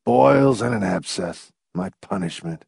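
A sick, worn-out man who mutters his words in a low, defeated tone, as a male narrator puts him on. He sounds sullen and drained, with little life left in him. The recording is dry and close. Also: animated, unhurried, gravelly, a little mellow, breathy edge, no room sound, exaggerated voice.

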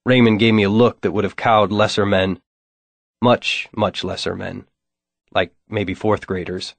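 A man narrating a novel in the first person with a wry, deadpan delivery. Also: fairly low pitch, measured pace, creaky, no room sound. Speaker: audiobook narrator.

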